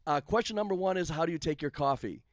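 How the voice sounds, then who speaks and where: A man in his forties hosting a casual podcast chat, animated and quick to laugh. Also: on the high side, dry recording, studio quality. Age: 40s. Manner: laughs often, animated storytelling. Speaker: podcast host.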